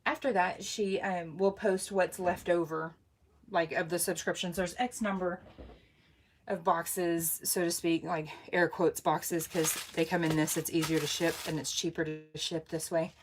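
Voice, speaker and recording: A woman's voice: lowish voice, flat delivery, unhurried, a little hiss or hum. A woman, hosting a casual craft livestream, bubbly, laughing often and greeting viewers by name. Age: 40s.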